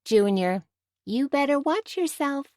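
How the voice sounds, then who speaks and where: A woman voicing a brash, sharp-tongued café waitress who speaks loudly and sassily. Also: medium pitch, big pitch swings, a little slow, no room sound, clean studio sound, pitched above the performer's own voice. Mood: scolding. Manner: loud and sassy.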